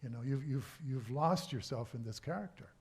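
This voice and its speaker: A pastor voicing a patient, insistent friend. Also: male voice, medium pitch, normal speed, darkish tone, close to an everyday voice. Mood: gently questioning. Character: patient, reassuring male friend.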